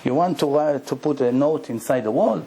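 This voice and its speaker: An eager religious woman, kind and pushing to help, rises high and lively above the rabbi's usual register as a man puts her on. The gravelly grain of his voice still shows through. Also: brisk. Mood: coaxing. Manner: coaxing, eager helper. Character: kind, helpful religious woman at a holy wall.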